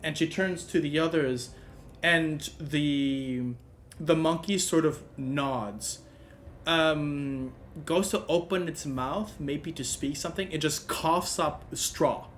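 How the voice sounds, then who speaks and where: A man narrating a tabletop game as game master, pausing often with ums and restarts. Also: on the high side, fairly bright tone, a little hiss or hum. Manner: halting, full of ums and restarts.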